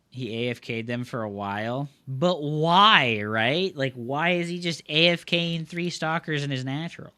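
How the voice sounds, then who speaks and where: A man's voice: a little high, unhurried, pushed and bright, smooth. A young man streaming live game commentary, ranting with frustration and cursing constantly in loose slangy gamer talk. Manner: frustrated ranting, heavy swearing.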